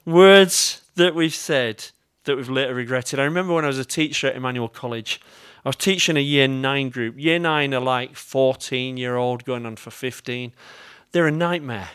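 A man's voice: medium pitch, moderate pace, few pauses, fairly bright tone, clear, resonant tone, no echo, studio quality. A man with an English accent preaching a sermon as pastor. He tells stories with self-mocking humour and talks directly to his congregation.

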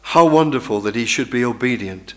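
A man's voice: mid-range voice, fairly quick, a bit bright. A male preacher giving an emphatic sermon with dramatic storytelling.

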